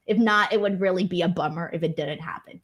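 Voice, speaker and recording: A woman's voice: fairly low pitch, fast talker. A young woman hosting a casual livestream, reading viewer comments and telling funny stories in a chatty, self-mocking way. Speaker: wrestling show host reading super chats.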